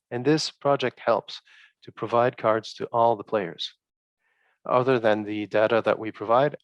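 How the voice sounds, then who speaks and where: Guy presenting research findings, gravelly voice, stops and restarts a lot, dry sound. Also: lowish voice, no room sound. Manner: halting, many fillers and restarts.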